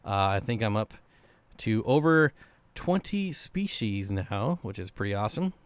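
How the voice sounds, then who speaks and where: A man hosting a casual live stream for an aquarium channel, chatting in a relaxed way and reading viewer comments aloud. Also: fairly low pitch, a little slow, clear, resonant tone.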